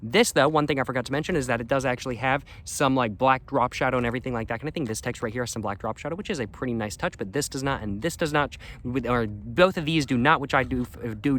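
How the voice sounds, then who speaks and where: A man's voice: mid-range voice, fast, hardly any pauses, fairly bright tone. A man reviewing a product in a casual, rambling way, repeating the same stock phrases.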